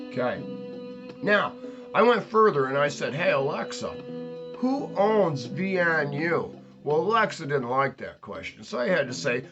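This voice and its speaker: A man hosting his own show in a rambling, provocative solo monologue, mocking himself, drawing out words and jumping suddenly in loudness. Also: on the high side. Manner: provocative, ranting, self-mocking. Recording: lo-fi recording with guitar music behind. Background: plucked guitar music.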